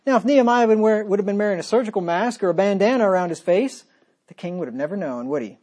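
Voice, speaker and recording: A man delivers a sermon, reading scripture aloud in a firm voice. His talk swings between loud, emphatic points and quiet, sarcastic asides. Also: high voice, animated, fast talker. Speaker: preacher.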